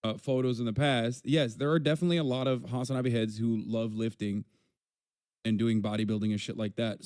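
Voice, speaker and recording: A man's voice: lowish voice, a little mellow, smooth, dry recording, studio quality. A man streaming live, reacting to a video and answering his chat in a blunt, profane, casual way.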